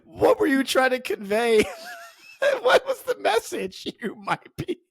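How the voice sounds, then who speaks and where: A man's voice: very high-pitched, wildly swooping pitch, takes it slowly, gravelly, dry recording. A man co-hosting a casual podcast, teasing his friend and laughing often. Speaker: podcast co-host.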